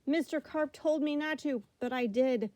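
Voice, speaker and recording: Frantic storybook boy, high and pleading, read by a woman. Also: moderate pace, mellow, no room sound, lightly acted. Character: eager young boy, fish owner, panicky.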